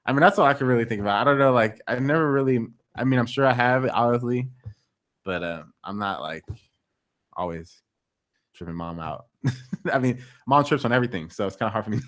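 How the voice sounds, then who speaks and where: A man's voice: medium pitch, expressive, a little fast, fairly bright tone. A man co-hosting a podcast, telling a childhood story in casual chat, hesitant and full of fillers. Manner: hesitant, many fillers and restarts. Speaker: podcast co-host.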